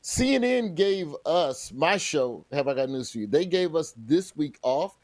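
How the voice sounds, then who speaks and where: Animated comedian with a drawl. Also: male voice, fairly high pitch, unhurried, no room sound. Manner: animated storytelling, slips into character voices. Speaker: guest comedian and TV host. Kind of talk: casual comedic chat. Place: remote, in London.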